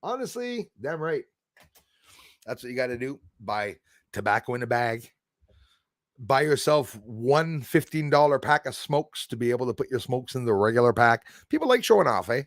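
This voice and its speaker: Gravelly man chatting on a livestream. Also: medium pitch, animated, moderate pace, dry recording, clean studio sound. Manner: rambling, jokey, chuckles often. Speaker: livestream host answering viewer comments. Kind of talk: casual livestream chat.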